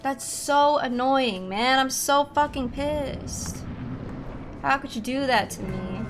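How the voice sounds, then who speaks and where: A woman's voice: high-pitched, takes it slowly. A young woman streaming a video game, swearing and venting her frustration in casual commentary. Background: clear game music.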